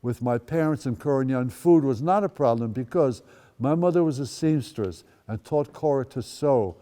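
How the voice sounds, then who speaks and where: An elderly man in his eighties tells his own life story to a school audience, his voice warm and relaxed. He slips in wry, dry humor between plain recollections. Long reverb trails each phrase as it rings through a large hall. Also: mid-range voice, normal speed. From Netherlands. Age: 80s. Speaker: guest speaker. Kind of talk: personal storytelling talk. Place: school event space.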